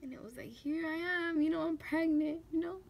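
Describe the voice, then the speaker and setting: A young woman talking through her tears while doing her makeup on camera, halting and restarting often. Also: very high voice, creaky. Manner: tearful, halting, many restarts and fillers. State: close to tears. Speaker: beauty vlogger. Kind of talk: emotional talk during a makeup tutorial.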